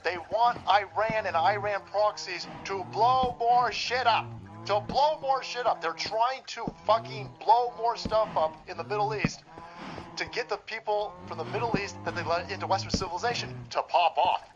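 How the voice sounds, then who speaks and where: A man's voice: sits high, moderate pace, dull audio, music in the background. A man hosting a livestream, giving profane, sarcastic political commentary as he reacts to clips. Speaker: stream host.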